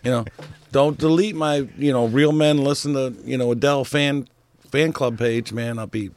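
Gravelly joking man rambling on. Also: medium pitch, normal speed, darkish tone. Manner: rambling, joking, laughs often. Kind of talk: casual chat.

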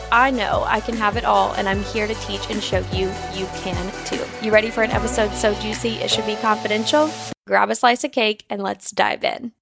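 A woman's voice: on the high side, gravelly. A woman, hosting her own podcast in a bubbly, chatty way, casually swearing and saying "like" often. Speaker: podcast host and business mentor.

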